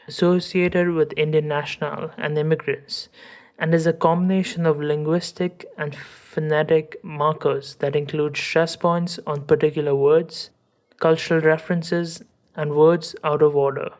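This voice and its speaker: A woman podcast host reading a scripted essay in a measured, academic way. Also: low-pitched, little pitch movement.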